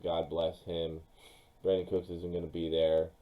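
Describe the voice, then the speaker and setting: A young man giving casual, excitable commentary on his own football mock draft, speaking straight to his viewers. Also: low voice, measured pace, narrow, tinny audio. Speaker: sports YouTuber.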